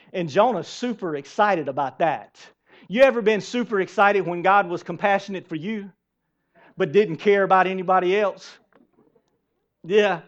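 A male pastor preaching a sermon in a church, animated and asking the congregation rhetorical questions. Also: high-pitched. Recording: dull lo-fi sermon recording.

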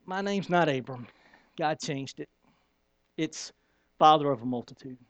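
A man's voice: on the high side, unhurried, a bit bright, highs cut off. A man voicing a sheepish, embarrassed middle-aged husband in a sermon retelling.

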